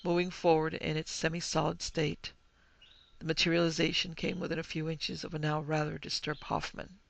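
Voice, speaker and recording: Gravelly man narrating a ghost story. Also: fairly high pitch, flat delivery, normal speed, a bit bright. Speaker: podcast host.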